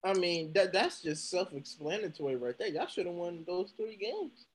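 Husky-voiced man in laid-back sports chat. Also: high voice, moderate pace, poor audio. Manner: relaxed, laughing, stumbles over names. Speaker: podcast co-host.

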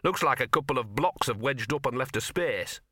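A man's voice: mid-range voice, lively intonation, moderate pace, bright, forceful tone, no room sound, clean studio sound. A man reading aloud and voicing a grudging, streetwise male talking dog in an audiobook.

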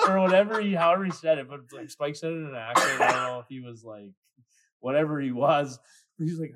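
A man's voice: on the high side, very animated, brisk. A man co-hosting a casual podcast, swearing and laughing through a rambling story. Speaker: podcast co-host.

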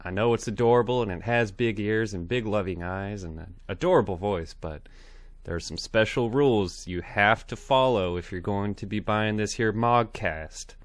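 A man's voice: fairly low pitch, normal speed, no echo, natural voice. A man putting on a put-on Southern drawl to play a folksy male shopkeeper handing out warnings about rules. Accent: put-on American Southern. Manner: drawling, with stern rule-giving warnings.

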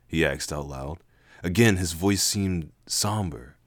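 A man's voice: low-pitched, slow, no echo, studio quality. A man hosting a podcast, reading a story aloud casually with chatty asides.

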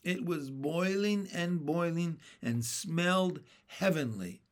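Male narrator, children's chapter book, very slow pace, slightly high voice, steady. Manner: steady, plain reading. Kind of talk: storybook reading.

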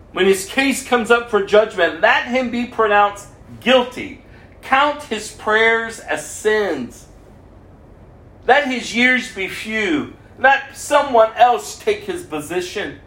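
Lively high-voiced man reading scripture. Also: takes it slowly. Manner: lively reading that lifts the voice for quoted speech. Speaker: preacher. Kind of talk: Bible reading with commentary. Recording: echoey room.

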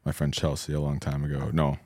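A man's voice: a bass voice, monotone, a little fast, a little mellow, dry recording. A man hosting a casual podcast, telling stories in a dry, laid-back way. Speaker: podcast host. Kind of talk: casual chat.

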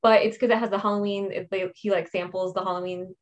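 A woman's voice: medium pitch, fast talker, dull audio. A young woman co-hosting a casual podcast, telling stories with giggles between her words. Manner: animated storyteller, giggly. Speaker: podcast co-host. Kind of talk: casual chat.

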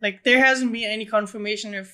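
A podcast co-host with a bright, clear voice who speaks bluntly and eagerly in casual chat. The talk moves along at a brisk pace. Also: mid-range voice, steady tone.

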